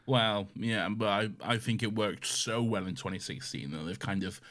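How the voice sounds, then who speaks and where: A man's voice: fairly low pitch, moderate pace, a bit bright. A man co-hosting a podcast, chatting casually about a TV show, sarcastic and often laughing. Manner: laughing, sarcastic, acts out quotes. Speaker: podcast co-host.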